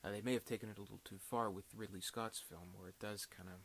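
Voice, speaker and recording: A man's voice: lowish voice, steady tone, fast, vocal fry, slight background noise. A man casually reviewing a film, rambling with many fillers and restarts.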